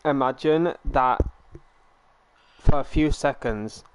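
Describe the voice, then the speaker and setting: A man hosting a live stream, telling stories in quick, playful casual chat. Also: medium pitch, smooth, dry recording. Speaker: streamer host.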